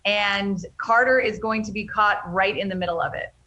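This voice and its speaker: A woman giving scripted soap opera spoiler commentary in an excited, dramatic gossiping manner. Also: medium pitch, normal speed, low-quality recording.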